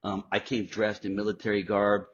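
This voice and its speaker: A middle-aged man with a low, husky voice tells his stories with animated energy and plenty of swearing. The audio is slightly dull and lo-fi, like a home podcast recording. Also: moderate pace. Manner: animated, profane storyteller acting out quotes. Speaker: guest actor. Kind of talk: casual interview storytelling.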